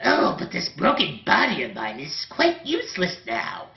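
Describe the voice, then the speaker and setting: A man voicing a cackling male mad scientist villain who shouts his boasts, in a comedy fanfic reading. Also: on the high side, huge pitch swings, normal speed, creaky, voice pushed up, heavily acted. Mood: maniacal gloating. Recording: roomy, dull sound, faint music.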